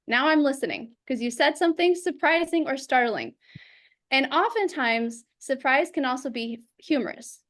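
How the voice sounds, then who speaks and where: A woman teaching public speaking over a video call, lively and acting out examples in quoted voices. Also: high voice, normal speed. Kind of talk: instructional talk.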